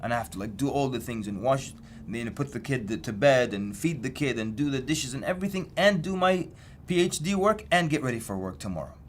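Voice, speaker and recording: A man's voice: mid-range voice, animated, brisk, a little hiss or hum, natural voice. Overwhelmed, tearful young mother, voiced by a man listing her complaints in a rush. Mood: distressed.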